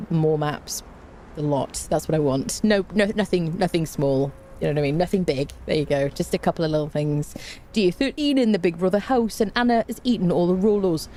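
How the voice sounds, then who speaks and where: A woman with a low, mellow voice, chatting live with her viewers as she streams. She greets people by name and tosses in self-mocking dad jokes. The talk stays loose and friendly. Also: a little hiss or hum. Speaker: game streamer reading chat. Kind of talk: casual live-stream chat.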